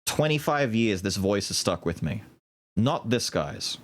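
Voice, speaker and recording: Animated swearing male streamer. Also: on the low side, unhurried, heavy background noise. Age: 30s. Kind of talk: casual gaming commentary.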